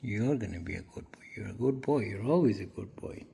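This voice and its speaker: A man's voice: lowish voice, animated, fairly quick, creaky, mellow, a little hiss or hum. A man filming a casual vlog, talking soothingly to his cat. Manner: talks soothingly to a pet. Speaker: pet vlogger.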